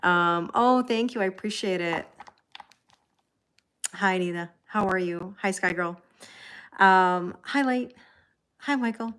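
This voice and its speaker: A woman's voice: mid-range voice, slow, pauses often, a bit bright, clear, resonant tone. A tired Canadian woman hosting a tarot livestream in casual chat, greeting viewers by name with frequent ums and light laughs.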